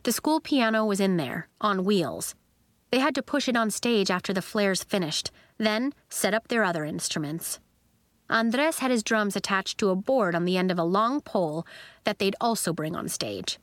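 A woman reads a children's novel aloud in an expressive storytelling way. Her pitch moves a great deal, giving the story bounce. The recording is dry and close, with no room sound. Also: no room sound. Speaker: audiobook narrator. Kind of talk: children's book narration.

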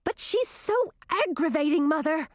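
Lady doing a bratty high-pitched princess girl, bossy and chattery. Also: big pitch swings, a little slow, no echo. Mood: indignant. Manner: condescending, chattering.

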